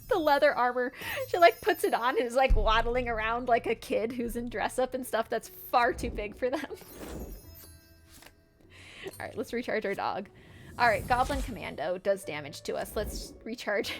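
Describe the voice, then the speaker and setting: A woman's voice: a little high, fairly bright tone. A woman streamer giving casual, playful gameplay commentary, often giggling as she narrates her characters' antics.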